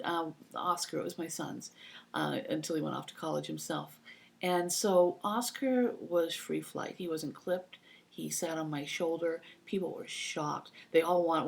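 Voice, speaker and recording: A woman's voice: lowish voice, creaky. A woman in her fifties telling rambling personal stories to her computer mic, acting out the voices of the people she quotes. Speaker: vlogger. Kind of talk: casual anecdotal storytelling.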